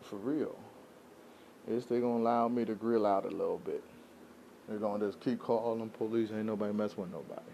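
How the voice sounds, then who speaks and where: A fairly low, gravelly, dark voice with a steady tone and brisk pace comes from a man vlogging to his camera, with slight background noise. His unscripted rant is rambling and aggrieved, and he keeps asking his listeners "you know what I'm saying".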